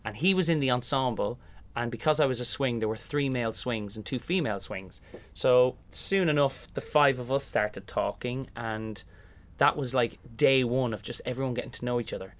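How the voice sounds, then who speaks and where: A man's voice: medium pitch, moderate pace. A young Irish man, a musical theatre performer, telling stories in a casual interview and acting out the voices in them. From Ireland. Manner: animated, acts out voices in anecdotes.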